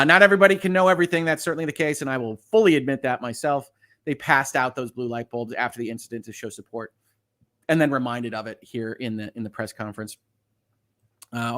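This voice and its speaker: A middle-aged man hosting a legal livestream, reading viewer comments aloud in a halting, earnest way that often repeats words. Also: mid-range voice, sharp tone. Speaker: legal channel host.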